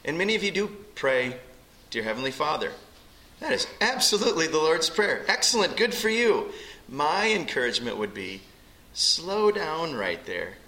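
A man preaching with a bright, forceful voice that rings through a roomy hall. He talks earnestly and emphatically, acting out prayers as he teaches his congregation. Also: a little high, sing-song, normal speed. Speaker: pastor. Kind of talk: sermon.

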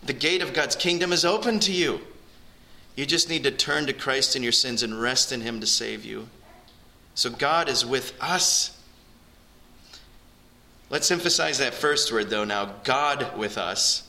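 Bright-toned man preaching a sermon. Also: a little slow, vocal fry, pauses often, poor audio. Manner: earnest, rises in pitch and volume for emphasis, addresses the congregation directly. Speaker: pastor. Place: church.

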